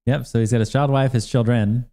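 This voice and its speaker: A man's voice: medium pitch, steady tone, brisk, dark tone. A man co-hosting a livestream, chatting casually, agreeing and thanking donors. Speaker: livestream co-host. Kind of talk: casual stream chat.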